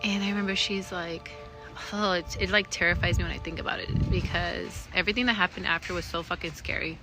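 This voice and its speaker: A woman's voice: lowish voice, steady tone, a little fast, over music, low-quality recording. A young woman telling a personal ghost story in a casual, rambling way, swearing often and using lots of fillers. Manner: rambling, profane, full of fillers.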